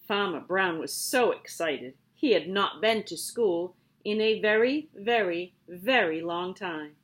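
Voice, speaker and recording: A woman teacher reading a picture book aloud to her students, with expressive, drawn-out storytelling. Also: on the low side.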